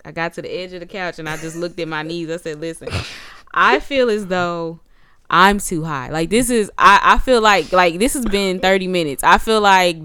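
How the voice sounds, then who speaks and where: A woman's voice: fairly low pitch, moderate pace, sharp tone, clean tone, no echo. A woman telling a story in casual chat, acting out her own panicked lines.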